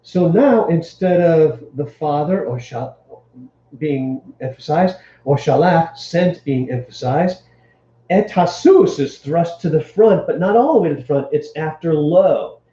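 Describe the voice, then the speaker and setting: Dark-voiced man teaching, echoey room. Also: fairly high pitch, lively intonation, measured pace, highs cut off. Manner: explains step by step, checks in with "right?". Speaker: Bible teacher. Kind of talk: teaching Hebrew grammar to a live stream.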